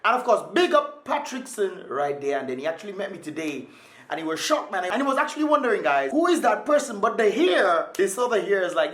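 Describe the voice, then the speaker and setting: A man's voice: sits high, sing-song, fast, a bit bright, reverberant. A man from Dominica, doing hype-filled casual vlog commentary with laughing asides. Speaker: vlogger.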